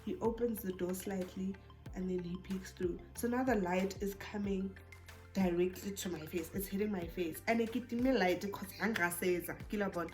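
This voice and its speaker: Young south african girl doing a storytime, mid voice, gets loud n exasperated, soft music behind. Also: mid-range voice, normal speed. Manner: animated, code-switching, rising into exasperated bursts. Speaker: YouTuber. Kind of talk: storytime vlog.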